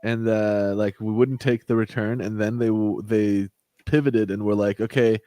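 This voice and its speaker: A man's voice: on the low side, level tone, moderate pace, dark tone, dry recording, clean studio sound. A young man co-hosting a casual podcast, telling a swearing, laughing retail work story. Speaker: podcast co-host. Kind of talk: casual chat.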